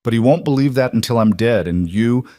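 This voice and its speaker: A man's voice: mid-range voice, animated, a little fast, mellow, dry recording, studio quality, natural voice. A man voicing a beaten young man, a mobster's son, speaking strained and anguished.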